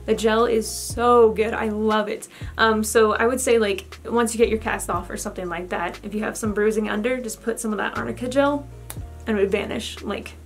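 Chatty, slightly breathless young woman vlogger. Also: a little high. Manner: chatty and candid, with many fillers. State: a little out of breath. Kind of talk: casual vlog update.

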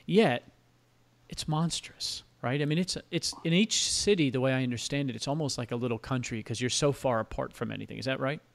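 Gravelly, chatty male podcast host. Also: mid-range voice, fairly quick. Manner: chatty, enthusiastic, rambling. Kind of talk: casual podcast interview.

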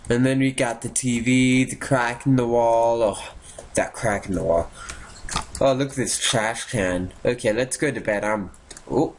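A young man giving casual, sarcastic commentary while playing a game, swearing often and reacting out loud. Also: mid-range voice, unhurried. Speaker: gaming YouTuber. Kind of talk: casual let's-play commentary.

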